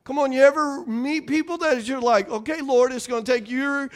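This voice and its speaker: A man's voice: extremely high pitch, steady tone, normal speed. A man preaching a sermon with call-and-response, playful asides and repeated phrases for emphasis. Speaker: pastor.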